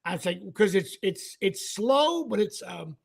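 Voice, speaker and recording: A man's voice: sits high, lively intonation, a little slow, vocal fry, slightly rough. A man hosting a casual chat show, talking in an emphatic, rambling way. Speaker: host.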